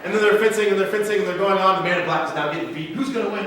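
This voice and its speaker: A Midwestern American man in his thirties, a pastor preaching a sermon and retelling a movie scene with lively, animated storytelling. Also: high-pitched, rapid-fire, very noisy. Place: church sanctuary. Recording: echoey church sanctuary, mic at a distance.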